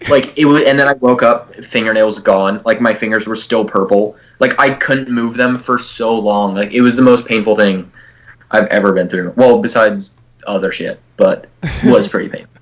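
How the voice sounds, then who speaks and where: A man's voice: fairly low pitch, steady tone, normal speed. A young man co-hosting a comedy podcast. He talks casually, swears freely and keeps breaking into laughter as he tells a story. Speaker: podcast co-host. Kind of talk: casual chat.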